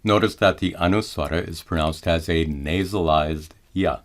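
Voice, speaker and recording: A man teaching Vedic pronunciation in a measured, scripted lesson, chanting his examples slowly and drawn out. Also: deep voice. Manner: slow and deliberate, chants examples in drawn-out tones.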